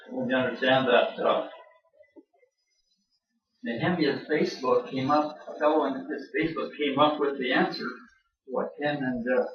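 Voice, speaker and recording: A man in his seventies, a pastor from Canada, preaching a sermon with folksy joking asides. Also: medium pitch. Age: 70s. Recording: roomy hall, distant mic, dull sound.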